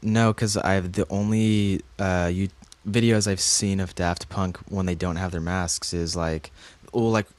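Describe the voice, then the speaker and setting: A man co-hosting a podcast in casual chat, halting and hesitant with many fillers. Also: low-pitched, steady tone, dry recording. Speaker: podcast co-host.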